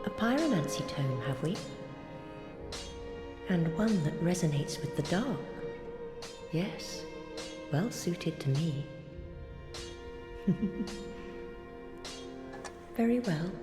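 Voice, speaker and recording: A hushed, unhurried woman sorcerer who deals in the dark arts. Her voice sits a little low and draws each line out. The sound carries a long, roomy echo, with music swelling behind it. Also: expressive. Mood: secretive. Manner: measured, secretive, slow. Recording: game audio, echoey with music.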